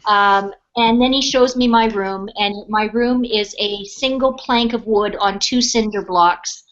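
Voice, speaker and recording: A middle-aged woman speaking on a webinar, telling a personal story in a casual, animated way and acting out the people in it. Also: mid-range voice, a little slow. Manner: animated storyteller, acts out quoted voices. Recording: dull lo-fi webinar audio.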